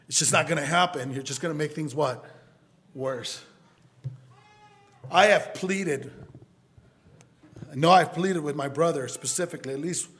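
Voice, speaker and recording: Impassioned preacher man, pleading. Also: on the high side. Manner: impassioned pleading preacher, swings between loud appeals and quiet asides. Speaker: pastor. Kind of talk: sermon. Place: church sanctuary.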